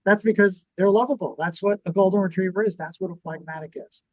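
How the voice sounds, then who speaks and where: A man co-hosting a business talk show, teaching in a lively conversational way and acting out what people would say. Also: sits high, fast, dry recording, low-quality recording. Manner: animated, acts out quoted reactions. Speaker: podcast co-host.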